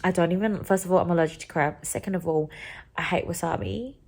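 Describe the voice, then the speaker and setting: A woman's voice: on the low side, fast talker, a little mellow. Chatty young woman vlogging to camera. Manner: chatty and rambling, heavy on "like" and "um". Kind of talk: casual chat to camera. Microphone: handheld camera.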